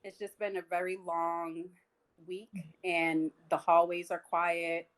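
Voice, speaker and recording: A woman's voice: fairly low pitch, level tone, takes it slowly, smooth, rough recording. Earnest young woman teacher on a call. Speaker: high school teacher guest. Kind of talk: casual podcast conversation. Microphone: video call.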